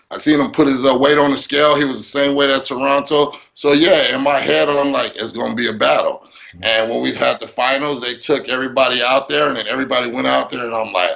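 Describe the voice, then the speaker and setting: A man talking in a casual interview as a bodybuilder guest, animated, acting out his own thoughts. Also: medium pitch, brisk, gravelly, dull audio.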